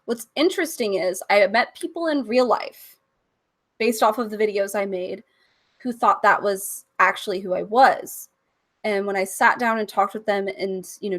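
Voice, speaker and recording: A woman's voice: medium pitch, fairly bright tone. A woman from California, a podcast guest, chatting candidly and laughing and swearing freely. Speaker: podcast guest, cam performer. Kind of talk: casual chat.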